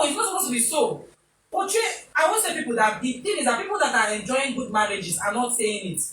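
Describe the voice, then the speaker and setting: A fairly high, somewhat bright voice belongs to a Nigerian woman hosting a talk show, where she jokes, acts out little scenes and mixes in pidgin. The sound is echoey and faintly noisy, captured from a distance.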